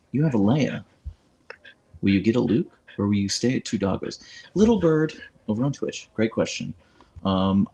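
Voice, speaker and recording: A man with a fairly low, creaky, slightly mellow voice hosts a casual livestream from his phone, chatting and reading viewer comments aloud. He records on the phone with a clip-on mic.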